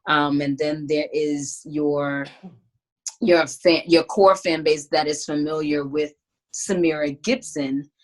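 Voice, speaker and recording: A woman, a singer and songwriter, answering interview questions over a video call in a thoughtful, relaxed way with many "um"s. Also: deep voice, slow pace. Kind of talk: casual interview chat.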